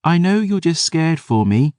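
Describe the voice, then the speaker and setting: A man's voice: a little high, very animated, a little slow, darkish tone, dry recording, clean studio sound, voice pushed up. A man doing a fierce, defiant teenage girl. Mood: tearful pleading. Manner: pleading, insistent.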